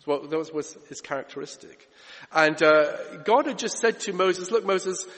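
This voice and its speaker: A man preaching a sermon, emphatic, moving between loud urgent lines and hushed ones. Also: fairly high pitch, expressive, moderate pace. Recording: reverberant hall.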